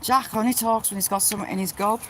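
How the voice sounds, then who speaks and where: A woman's voice: mid-range voice, steady tone, fast, fairly bright tone, a little hiss or hum, poor audio. A woman chatting casually on a live stream, reading viewer comments and talking bluntly to her dogs at home.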